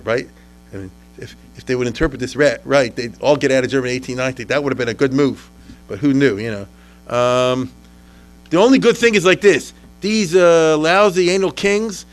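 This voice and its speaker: A man's voice: mid-range voice, poor audio. Guy lecturing a class, talks right at the students, lots of asides, bit of mains hum. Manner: animated, rambling, talks straight to students with asides and questions. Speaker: history lecturer.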